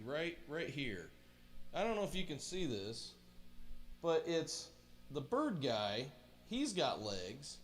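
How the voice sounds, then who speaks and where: A middle-aged man hosting a livestream, reading a children's book aloud and chatting enthusiastically in rambling asides. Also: on the high side. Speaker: livestream host. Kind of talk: casual reading and chat on a livestream.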